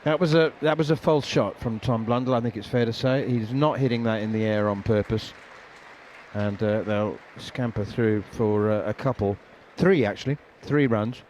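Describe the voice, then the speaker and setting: A man giving ball-by-ball radio cricket commentary, chatty and quick to laugh, with plenty of ums and uhs. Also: lowish voice, a little mellow, a little hiss or hum.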